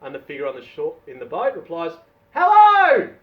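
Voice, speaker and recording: A man casually telling a long shaggy-dog joke, playful and drawn-out, heard from a distance in a dull recording. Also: a little high, animated. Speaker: storyteller.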